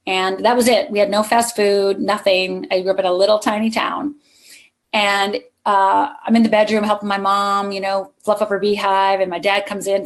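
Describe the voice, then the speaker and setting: A woman's voice: medium pitch, flat delivery, normal speed. A middle-aged woman gives a motivational keynote at a conference. Her voice sits in an ordinary middle range. She shares her own story and often turns to the audience to speak to them directly. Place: conference hall with a live audience.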